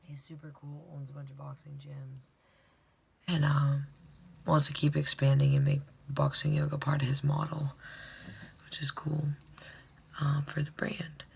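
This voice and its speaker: A woman's voice: low voice, monotone, a little slow, creaky, pauses often, darkish tone, husky, rough recording. A young woman vlogger and fitness instructor, recapping her day in a rambling, casual way, swearing and often dropping into a whisper. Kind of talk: casual daily recap vlog.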